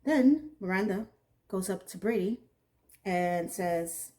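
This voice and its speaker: A woman giving a casual, animated TV episode recap, often acting out what she thought in an incredulous tone. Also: lowish voice, a little slow. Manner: animated, incredulous, acts out characters' lines. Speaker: TV recap reviewer.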